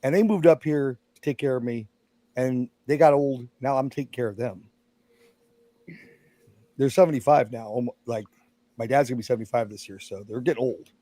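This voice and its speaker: A man's voice: mid-range voice, brisk, pauses often, dark tone. A man in his forties, a guest on a stream, telling his story casually in a blunt, self-mocking way. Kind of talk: casual chat.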